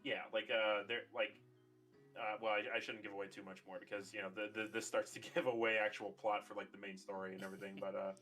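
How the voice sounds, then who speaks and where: A man's voice: fairly low pitch, little pitch movement, quick pace, a bit bright, faint music behind. A young man hosting a podcast, chatting casually and rambling with lots of fillers. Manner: rambling, many fillers, acts out quotes. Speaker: podcast host. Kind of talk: casual chat.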